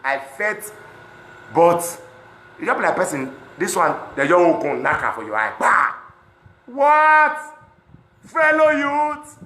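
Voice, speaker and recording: Impassioned Nigerian man, bright echoey voice. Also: very animated, moderate pace. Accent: Nigerian, Pidgin-inflected. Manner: passionate, swings between loud outbursts and low muttering. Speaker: celebrity speaking on protests. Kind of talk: impassioned monologue. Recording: echoey room.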